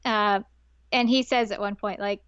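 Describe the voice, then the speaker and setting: A woman's voice: medium pitch, normal speed, clear, resonant tone, dry recording, muffled recording. A woman co-hosting a podcast, recapping an anime episode in casual chat and acting out the characters' lines as she goes. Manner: animated, acts out characters' lines with laughs. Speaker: podcast co-host.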